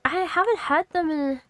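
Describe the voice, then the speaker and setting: A woman's voice: very high-pitched, fairly bright tone, slight background noise. A woman in her thirties streaming a game, rambling casually to herself and her chat and swearing freely. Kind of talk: casual gaming commentary.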